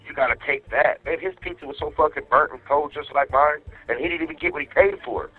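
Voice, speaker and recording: A man's voice: fairly high pitch, fast, slightly rough, no echo. Angry man on a tinny jail phone. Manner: angry, profane venting. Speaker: inmate on a jail phone call. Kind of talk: phone call to his wife. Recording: tinny jail phone line, faint music.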